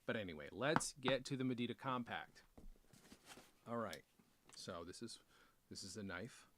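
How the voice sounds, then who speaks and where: A man's voice: on the low side, animated, normal speed, noisy background. Rambling joking man unboxing a gadget. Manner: rambling, self-deprecating, joking asides. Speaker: author and video host. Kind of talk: casual unboxing vlog.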